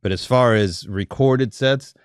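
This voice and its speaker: A comedian from New York talking casually about his plans as a podcast guest, with a chatty manner, frequent laughs and quick restarts. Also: mid-range voice, clear, resonant tone, no echo, clean studio sound.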